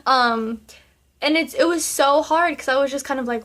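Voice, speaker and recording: A woman's voice: high-pitched, fast, fairly bright tone. A young woman vlogging as she answers viewer questions in a chatty, sassy way, full of "um" and "like". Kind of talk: casual chat.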